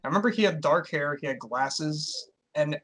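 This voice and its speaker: A man's voice: a little high, moderate pace, fairly bright tone. A young man chatting as a guest, talking eagerly, agreeing often and trailing off mid-thought. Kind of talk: casual reminiscing chat.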